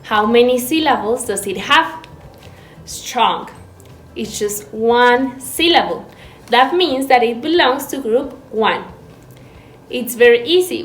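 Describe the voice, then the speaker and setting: Slow-woman teaching English. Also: a little high. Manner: slow, clear, syllable-by-syllable explanations. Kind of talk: recorded online class. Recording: echoey room with faint background noise.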